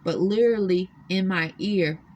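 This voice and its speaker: A woman's voice: fairly low pitch, normal speed, darkish tone, highs cut off, slight background noise. A woman earnestly recounting her own experiences to the camera from a hotel room, insistent and emphatic. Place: extended-stay hotel room.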